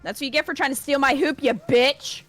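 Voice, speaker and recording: A woman's voice: high voice, a little fast, a bit bright, soft background music. A woman playing a party game with a friend, casually chatting and teasing. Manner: teasing and playful. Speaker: co-player. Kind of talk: casual gameplay chat.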